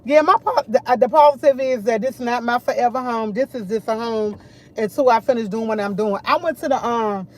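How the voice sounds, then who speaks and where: A middle-aged woman chatting casually to camera, full of animated retellings of what others said. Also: a little high, brisk. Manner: animated, quotes others a lot. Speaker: vlogger.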